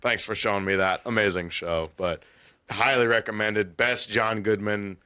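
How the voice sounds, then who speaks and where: Bright-voiced man, rambling storyteller. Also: fairly low pitch, fairly even intonation, moderate pace, clear, resonant tone. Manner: rambling storyteller, acts out scenes with laughter. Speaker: podcast co-host. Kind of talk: casual chat.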